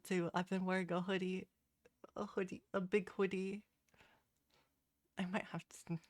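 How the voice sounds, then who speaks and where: A woman's voice: fairly low pitch, bright, forceful tone, dry recording, studio quality. A woman streamer chatting through a game live, giggly and self-conscious, stumbling over her words.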